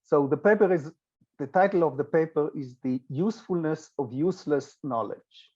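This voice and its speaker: An older man with an Israeli accent giving a physics lecture, pausing often with fillers and restarts. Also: a little high, a little mellow, breathy edge, lo-fi sound. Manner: hesitant, many filler sounds and restarts. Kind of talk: recorded lecture with slides.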